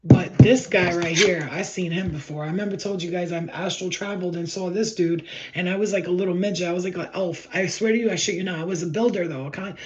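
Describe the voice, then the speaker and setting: Rambling, excited woman giving a tarot reading. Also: on the low side, quick pace. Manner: rambling, excited, swears casually, acts out her stories. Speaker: spiritual tarot reader. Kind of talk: casual live tarot reading.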